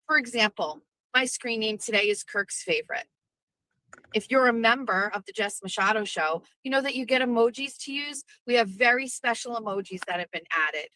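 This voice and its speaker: A middle-aged woman hosting a livestream podcast, ranting in a brash, profane, animated way. Her voice sits high and sounds bright and forceful. The recording is dry and close. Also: moderate pace, no room sound, rough recording. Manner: brash, swearing, animated storytelling. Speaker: podcast host.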